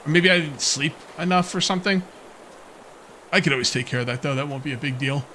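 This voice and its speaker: Playing a survival game, a let's player comments casually in a voice on the high side, talking fast over a little hiss or hum. He muses and rambles, questioning himself with soft laughs, and has hiccups.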